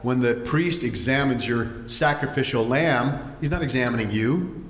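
A man's voice: medium pitch, unhurried. A man preaching a sermon, telling stories with animation and acting out voices, often repeating words as he goes. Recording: echoey hall.

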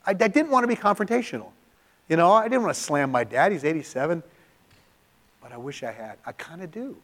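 Middle-aged preacher guy from california, kinda high voice, gets real quiet and emotional. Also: very animated, brisk. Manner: emotional, confessional, drops to near-hush. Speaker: pastor. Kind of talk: sermon storytelling. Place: church.

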